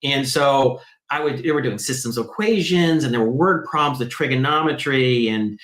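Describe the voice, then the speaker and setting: A man as an interview guest, telling a story in a lively conversational way and acting out quoted voices. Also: medium pitch, moderate pace, roomy sound, rough recording. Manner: animated, acts out quoted voices. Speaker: guest, math program founder.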